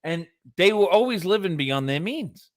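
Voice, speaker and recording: A man's voice: sits high, moderate pace. A middle-aged man on a casual live stream, telling stories with lots of swearing and mimicry of other people. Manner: animated storytelling, swears freely, mimics others. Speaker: co-host.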